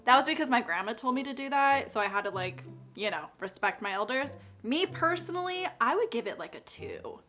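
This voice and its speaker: A woman's voice: a little high, sing-song, fairly quick, bright, forceful tone, soft background music. A woman hosting a casual chat, blunt and opinionated, swearing now and then. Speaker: host.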